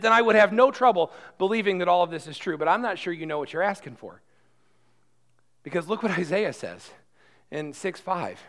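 A man preaching a sermon who swings between quiet asides and loud emphatic passages, repeating words as he builds. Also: high-pitched, big pitch swings, normal speed, vocal fry. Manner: repeats and restarts words when worked up. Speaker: pastor.

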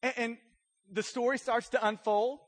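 A man's voice: very high-pitched, level tone, moderate pace. A male pastor preaching a casual, humorous sermon, telling stories in a conversational way and often checking in with "right?". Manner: conversational storytelling with frequent "right?" check-ins.

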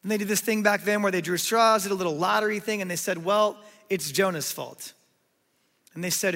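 A male pastor preaching a sermon, telling a story with animated delivery and acting out what people said. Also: high-pitched, a little fast, vocal fry, long reverb tail.

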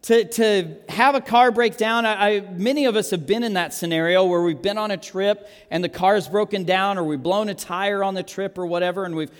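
High-voiced preacher telling a story. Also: male voice, normal speed, hardly any pauses. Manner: animated, self-amused storyteller with frequent restarts. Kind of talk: sermon storytelling. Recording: long hall reverb.

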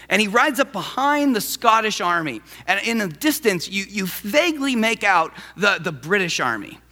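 Brief: male pastor, lively, high-pitched, chatty sermon in a reverberant church. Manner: animated, conversational preaching.

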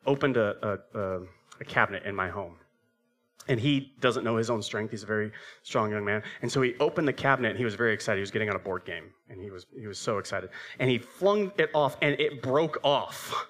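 A man's voice: mid-range voice, brisk, fairly bright tone. A man in his thirties preaching a sermon as pastor, telling a family story with acted-out voices and asking the congregation rhetorical questions.

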